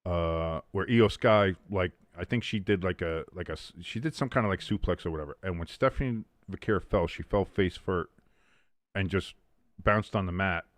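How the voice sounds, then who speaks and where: A man hosting a live game watch-along, calling plays and chatting with loud, profane tangents. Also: low voice, moderate pace, no echo, clean studio sound. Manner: animated play-by-play mixed with profane rants. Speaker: host.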